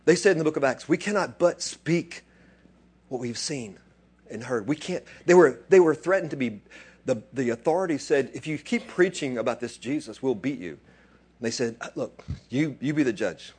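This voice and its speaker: A man preaching a sermon, dropping to quiet asides and then rising into loud, excited bursts. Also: mid-range voice, normal speed, husky. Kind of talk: animated sermon.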